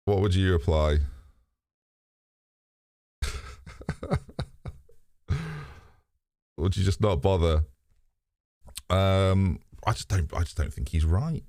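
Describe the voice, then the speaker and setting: Lively, low-voiced British man chatting. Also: dry recording, studio quality. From Britain. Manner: candid, rambling, swears freely and laughs often. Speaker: streamer and host. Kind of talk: casual live-stream chat.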